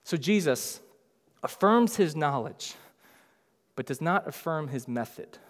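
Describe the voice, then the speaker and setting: A pastor delivers a sermon in a relaxed, talkative style, slipping into lively voices to act out scenes from scripture. His voice sits a little higher than most men's. The sound carries the long reverb of a large church sanctuary. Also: a little slow. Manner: conversational preaching, acts out biblical dialogue in lively voices.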